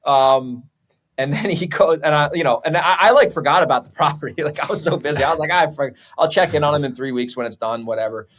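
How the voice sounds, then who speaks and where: A man, a real estate investor guesting on a podcast, telling a story in a casual, profane, animated way. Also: fairly high pitch, fast talker, slight background noise.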